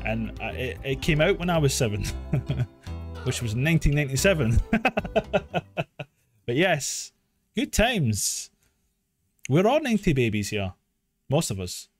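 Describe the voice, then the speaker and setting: A man, casually commentating a live game, excitable, swearing and laughing often. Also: fairly high pitch. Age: 30s. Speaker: streamer.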